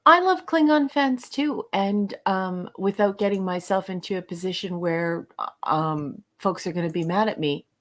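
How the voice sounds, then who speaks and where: A woman co-hosting a podcast, chatting casually through a review, halting with frequent fillers and restarts. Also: mid-range voice. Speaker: podcast co-host. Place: lives in Canada.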